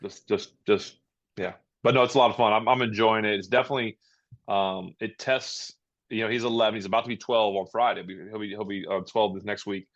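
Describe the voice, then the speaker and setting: Low-voiced man rambling on a lo-fi line. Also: steady tone. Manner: rambling, halting, many restarts and fillers. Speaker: podcast guest. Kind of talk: casual interview chat.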